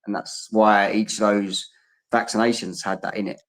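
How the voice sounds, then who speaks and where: A man's voice: lowish voice, level tone, normal speed, rough recording. A man co-hosting a casual podcast, rambling through fringe theories with many restarts. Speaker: podcast co-host. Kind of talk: casual chat.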